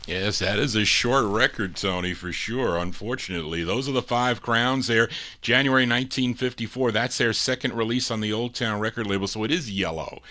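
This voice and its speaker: A man hosting a live show of old records, with a fairly low voice that still comes across bright and forceful. He talks in a chatty way, full of dates and label details. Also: fairly quick.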